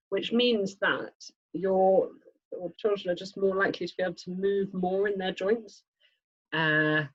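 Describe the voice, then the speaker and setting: A woman's voice: on the low side, darkish tone, slightly rough, highs cut off. A woman physiotherapist giving a spoken presentation to parents, explaining step by step with frequent fillers. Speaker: children's physiotherapist. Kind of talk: presentation lesson.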